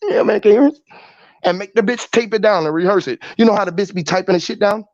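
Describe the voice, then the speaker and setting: This podcast host's high, darkish voice is expressive and fast as he rambles through profane wordplay, spelling terms letter by letter. The dull lo-fi recording is dry, with no echo.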